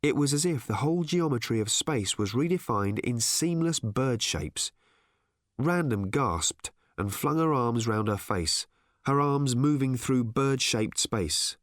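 A man's voice: medium pitch, lively intonation, measured pace, no room sound. Guy reading an audiobook, voice moves around a lot, dry close sound. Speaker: audiobook narrator. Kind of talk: scripted narration.

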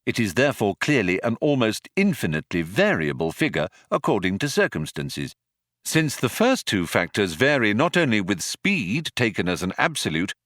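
A man narrating an audiobook in a dry, measured storytelling manner. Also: on the low side, a bit bright, no room sound. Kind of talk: scripted narration.

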